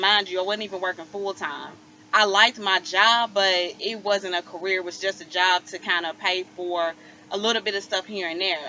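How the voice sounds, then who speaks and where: A woman's voice: medium pitch, bright, forceful tone. A woman in her thirties candidly telling her personal story as a vlogger, earnest and emotional. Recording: slightly muffled, faint hiss.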